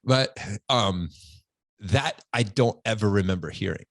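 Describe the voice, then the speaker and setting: Low-voiced man, earnest and emotional. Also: unhurried, no echo. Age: 40s. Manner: earnest, open, animated retelling with quoted voices. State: close to tears. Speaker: podcast guest. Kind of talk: emotional personal storytelling.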